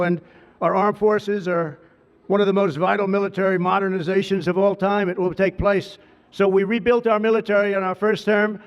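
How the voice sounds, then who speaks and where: Rambling American man at a podium. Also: high-pitched. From United States. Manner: rambling, digressive, heaping praise, repetitive. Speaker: politician addressing a crowd. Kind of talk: ad-libbed public speech. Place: large outdoor ceremony at an official residence. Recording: dull reverberant public-address sound.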